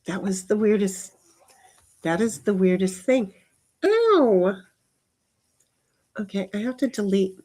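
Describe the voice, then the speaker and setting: A woman's voice: medium pitch, expressive, slow pace, long pauses, mellow. A woman chatting on a live stream from her backyard, reading out her chat and rambling with lots of restarts and casual swearing. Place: backyard outdoors.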